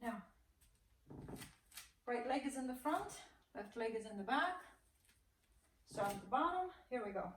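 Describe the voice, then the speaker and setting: A woman's voice: on the high side, sing-song, unhurried, long pauses. A woman leading a home workout as a fitness instructor, calling out counts with short cues. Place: room at home. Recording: echoey room, distant mic, faint noise.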